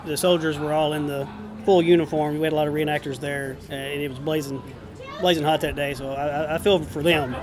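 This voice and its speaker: A man at an outdoor premiere red carpet, chatting in a relaxed way about playing a soldier extra. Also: fairly high pitch, a little fast. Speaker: film extra. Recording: crowd chatter behind.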